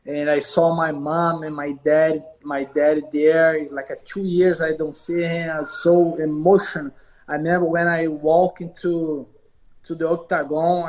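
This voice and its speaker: A man from Brazil with a Brazilian Portuguese accent, answering interview questions in halting, repetitive English. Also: fairly high pitch, a little mellow, highs cut off. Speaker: professional fighter.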